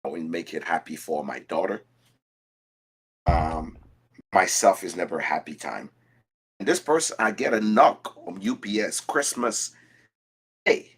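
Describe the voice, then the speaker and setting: Deep husky man telling stories. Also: a little slow, long pauses. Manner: animated, storytelling with repeated restarts. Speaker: whiskey show contestant. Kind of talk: casual chat.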